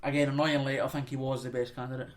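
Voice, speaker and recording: A man's voice: medium pitch, flat delivery, quick pace, a little hiss or hum. A young Scottish man co-hosting a casual podcast, swearing heavily and ranting with mocking voices. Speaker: podcast co-host. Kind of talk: profane casual chat, ranting.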